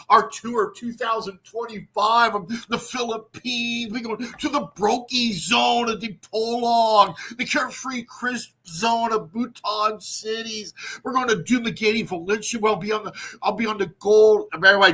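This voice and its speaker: A man hosting a show in a profane comedic rant, swinging into shouted bursts and drawn-out emphasis. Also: high voice. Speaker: show host. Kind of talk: ranting comedic monologue.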